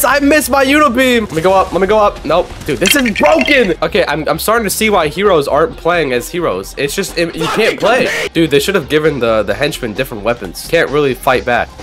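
Young male gaming creator, high and very animated, excitable slangy play-by-play. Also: brisk, hardly any pauses. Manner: loud, excitable, trash-talking, slangy. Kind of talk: excited gameplay commentary. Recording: game music underneath.

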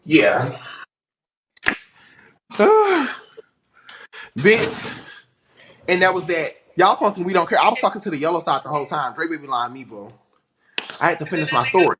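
A breathless man livestreaming, loudly acting out a fight story with profanity and sound effects. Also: a little high, a little fast, recorded from a distance. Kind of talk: animated storytelling. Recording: roomy echo, faint noise.

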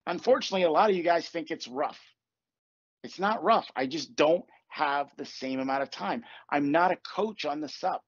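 A man's voice: fairly high pitch, normal speed. A man hosting a casual podcast as a coach, talking bluntly with tough love and swearing. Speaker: podcast host and manifestation coach. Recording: dull lo-fi recording, dry.

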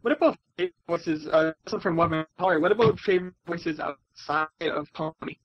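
An eager male co-host with a high voice, reading fan questions on a casual show. He stumbles a bit over his words and giggles easily. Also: moderate pace, lo-fi sound.

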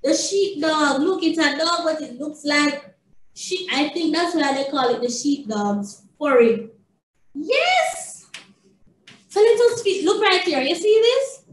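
A woman reads a touch-and-feel book to a toddler in a high, slow, sing-song voice. She is heard from a distance in an echoey room. There is a light hum behind her. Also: animated. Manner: sing-song, exaggerated praise and questions. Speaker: early childhood educator. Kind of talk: reading a picture book to a young child.

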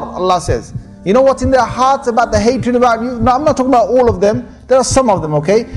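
A man's voice: very high voice, expressive, fast, faint music behind. A man giving an informal sermon as a sheikh, talking conversationally, repeating his phrases and breaking into Arabic recitation.

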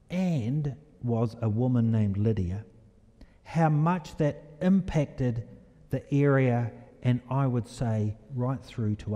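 A man preaching a sermon in a church, animated and storytelling, asking the congregation questions. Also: mid-range voice. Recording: echoey hall reverb.

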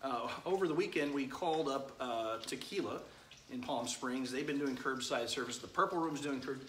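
A man's voice: mid-range voice, moderate pace, a bit bright. A middle-aged man hosting a casual live cooking demo from his home kitchen, chatting to viewers and greeting them by name as he fries chicken. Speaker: cooking show host. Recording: echoey kitchen, faint frying noise. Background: sizzling frying pan.

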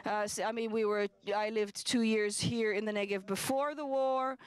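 A woman interpreting testimony live into English in the first person, speaking in halting, measured phrases with frequent restarts. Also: mid-range voice, fairly even intonation, smooth.

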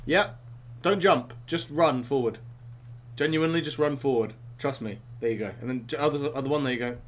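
A young man commentating a co-op platform game with a partner, swinging between loud rage outbursts, swearing and sarcastic jokes. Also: mid-range voice, brisk, slight background noise. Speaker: gaming YouTuber. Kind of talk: co-op gaming commentary.

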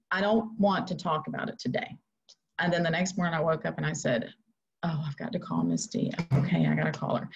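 A middle-aged woman telling a personal faith story in an earnest, halting way, full of fillers, as a podcast guest. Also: low voice, husky, muffled recording. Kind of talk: emotional personal testimony.

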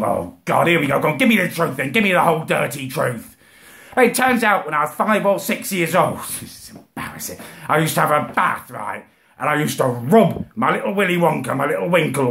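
A man ranting in a comic monologue to camera. He is indignant, swears and repeats himself, and his voice swerves into shrill outrage. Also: lively intonation, a little fast, gravelly, fairly bright tone.

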